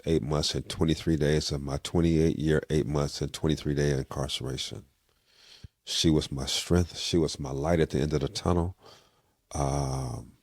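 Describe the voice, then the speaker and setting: Older man, extremely low voice, dry close sound, lively storyteller, interview guest. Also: no room sound. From California. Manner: lively storyteller, acts out quoted dialogue.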